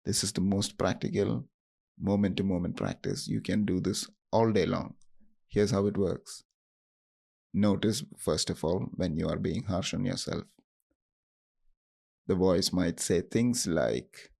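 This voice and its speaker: A man hosting a podcast, guiding listeners through a self-compassion practice in a slow, gentle, instructive way with pauses. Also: sits low, creaky, husky. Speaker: podcast host.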